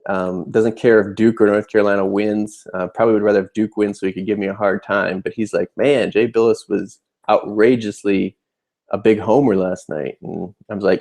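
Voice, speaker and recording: A man's voice: lowish voice, fairly even intonation, moderate pace, vocal fry, a little mellow. A young adult man, a sports fan vlogger, rambling through a fired-up game recap with many fillers and restarts. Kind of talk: casual game recap rant.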